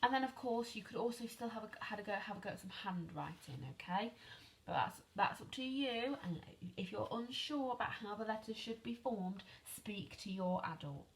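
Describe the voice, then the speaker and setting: A woman teaches phonics to young children over video. She speaks slowly and clearly, spells words out letter by letter, and keeps checking in with questions. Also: medium pitch, expressive. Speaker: primary school teacher. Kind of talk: online phonics lesson for children.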